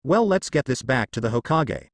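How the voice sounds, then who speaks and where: A smug, brisk young woman teaching a ninja team, read out by a man. Pitch swings widely, and the sound is dry and close. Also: sing-song, dry recording.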